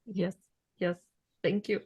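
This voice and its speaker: A woman's voice: on the low side, little pitch movement, slow pace, a little mellow, slightly rough. A woman hosting a podcast, encouraging her guest in casual talk with slightly uneven phrasing. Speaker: podcast host.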